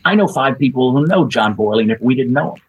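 Storytelling man with a very husky voice. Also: medium pitch, fast, poor audio. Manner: lively anecdotes with acted quotes and laughter. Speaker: guest, executive search consultant. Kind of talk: storytelling in a podcast interview.

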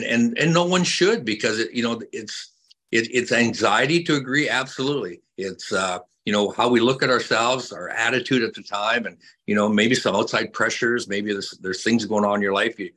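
A man's voice: fairly low pitch, normal speed, rough recording. An older man, a retired hockey player, chatting casually with fans, telling stories with many repeats and fillers. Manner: warm storyteller, repeats words, many fillers.

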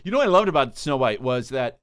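Smooth, lively-voiced man chatting. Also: mid-range voice, quick pace, dry recording, clean studio sound. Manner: enthusiastic, says "like" often. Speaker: podcast co-host. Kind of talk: casual chat.

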